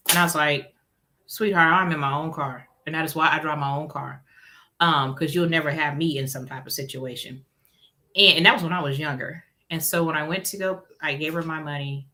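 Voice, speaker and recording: A woman's voice: low voice, lively intonation, brisk, sharp tone. A middle-aged woman telling a story casually and acting out the other people's voices.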